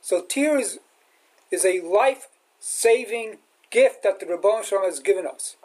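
A man's voice: sits high, normal speed, rough recording. A man giving a sermon as a rabbi and teacher, retelling a film scene and acting out its lines. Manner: animated storyteller acting out quotes. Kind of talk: sermon with storytelling.

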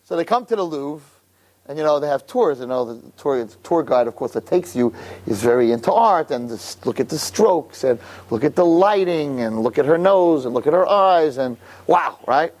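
A man giving an animated storytelling sermon as a religious teacher, who keeps checking in with the audience. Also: on the high side, moderate pace. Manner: animated, keeps asking "right?".

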